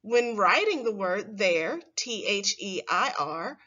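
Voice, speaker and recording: A woman teaching a first grade phonics lesson, speaking slowly and clearly and stretching words for young children. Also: mid-range voice, lively intonation, pushed and bright, highs cut off.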